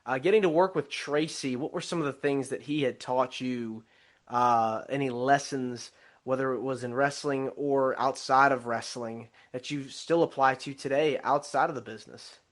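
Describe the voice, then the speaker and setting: A man hosting a podcast interview, asking questions in a halting way with many fillers. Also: medium pitch. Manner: halting, full of fillers like uh and you know. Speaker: podcast host.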